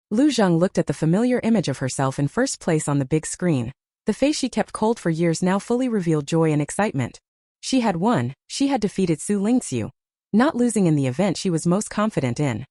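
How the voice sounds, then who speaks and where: A woman reads a novel aloud as a scripted audiobook narration. Her voice sits low and mellow and moves freely up and down in pitch. The sound is close and dry, with no room around it. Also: no room sound.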